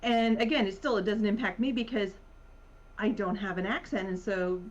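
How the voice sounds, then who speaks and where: Casting note: woman, Virginia accent, easygoing guest on a video call, muffled lo-fi sound, lots of ums. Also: medium pitch. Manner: rambling, many pauses and fillers, laughs often. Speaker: podcast guest. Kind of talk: casual conversation. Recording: muffled lo-fi audio.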